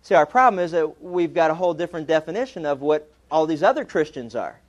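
A man delivers a sermon with a humorous, animated storytelling manner. His voice sits a little higher than most men's. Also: quick pace, lo-fi sound. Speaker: preacher.

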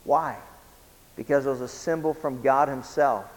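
A man preaching a sermon as pastor, swinging between loud emphasis and hushed lines and asking his listeners questions. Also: mid-range voice, very animated, moderate pace, gravelly, long reverb tail, poor audio. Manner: asks listeners questions, chuckles now and then.

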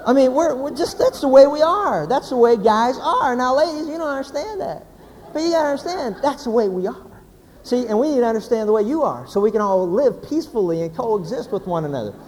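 A man, a pastor, giving a humorous sermon as an animated, joking storyteller. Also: very high voice, brisk. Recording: hall reverb, faint background noise.

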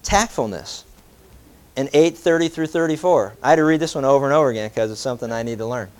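A middle-aged man preaching a sermon, animated, with jokey asides and rhetorical questions. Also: mid-range voice, rapid-fire, smooth. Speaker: pastor.

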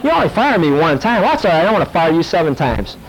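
Brief: preacher doing a hot-tempered ancient king, blustering and repetitive, in a raised, high-set man's voice. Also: sing-song, quick pace, low-quality recording. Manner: blustering, repeating himself. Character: angry boastful ancient king, male.

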